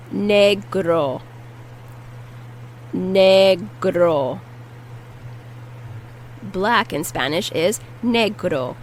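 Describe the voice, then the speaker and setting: A woman's voice: medium pitch, fairly bright tone, a little hiss or hum, low-quality recording. A woman teaching a language lesson, patiently repeating each word and explaining how to pronounce it. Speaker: Spanish teacher. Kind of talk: vocabulary lesson with repetition drills.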